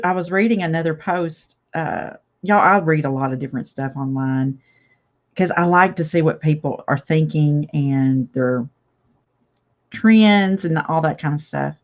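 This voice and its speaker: A woman's voice: deep voice, measured pace, long pauses, highs cut off. An older woman hosting a casual live craft chat, chatty and reading viewer comments aloud with frequent laughs. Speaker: craft channel host.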